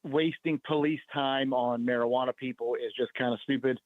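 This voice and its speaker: A man's voice: mid-range voice, fairly even intonation, normal speed, no room sound. Male caller on a tinny phone line. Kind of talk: casual phone call.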